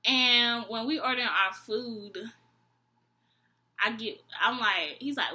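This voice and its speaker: A young woman vlogger with a fairly high-pitched voice tells a storytime tale at a brisk clip, with a little hiss or hum in the recording. Slangy and exasperated, she's animated and acts out both sides of the conversation.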